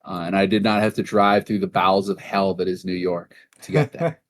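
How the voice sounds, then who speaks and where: A young man from Massachusetts rambles through a casual podcast chat in a lowish voice. He curses freely and gets animated when he acts out what people said to him. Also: brisk, no echo. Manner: rambling, profane, animated in retold dialogue. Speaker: podcast co-host.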